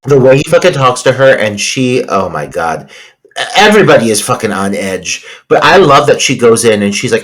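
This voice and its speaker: A man's voice: mid-range voice, very animated, normal speed, rough recording. A man co-hosting a podcast, reacting to a horror film in an emphatic, casual way and swearing often. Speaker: podcast co-host. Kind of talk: casual film review chat.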